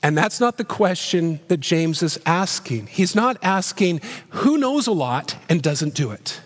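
High-voiced preacher in a hall. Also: male voice, expressive, measured pace. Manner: earnest, emphatic preaching with repeated rhetorical questions. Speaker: pastor. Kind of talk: sermon.

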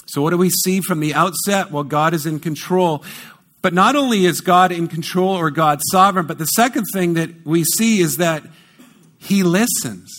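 A man preaching a sermon, emphatic and conversational, repeating key words for stress and correcting himself in quick asides. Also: sits high, fairly bright tone. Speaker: pastor.

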